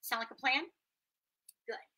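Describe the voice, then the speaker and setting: A woman hosting an interactive children's storytime from her small apartment at home. She talks in an animated, playful way and makes sound effects along the way. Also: a little slow, poor audio. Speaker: children's show host and storyteller.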